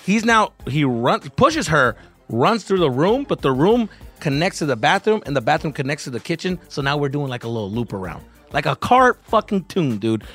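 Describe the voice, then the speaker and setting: A man with a high, lively voice tells a story in casual podcast chat. He is profane and animated, jumping into a higher voice to act out what others said. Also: normal speed, faint music behind. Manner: animated, profane, acts out other people's lines in a raised voice. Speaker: podcast guest.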